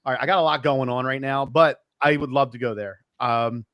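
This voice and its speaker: A man's voice: medium pitch, steady tone, brisk, a bit bright, no echo. A man on a podcast as a guest, telling rambling, profane stories in casual chat. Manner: rambling storyteller, swears freely.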